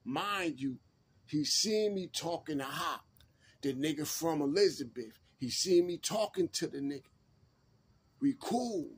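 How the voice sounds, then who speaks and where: A man's voice: on the high side, animated, measured pace, slightly rough. A man, casually telling a prison story in laid-back street slang and repeating himself.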